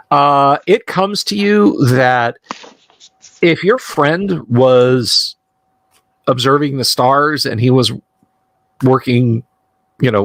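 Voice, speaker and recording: Slow, halting game master man. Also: medium pitch, dry recording. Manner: slow, hesitant narration with many fillers. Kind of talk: narrating a tabletop game on a livestream.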